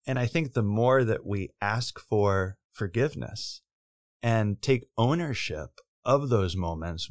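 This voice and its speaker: A man's voice: fairly low pitch, no echo, studio quality. A man co-hosting a podcast, talking earnestly and reflectively about resolving conflict. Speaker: podcast co-host. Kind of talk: reflective advice talk.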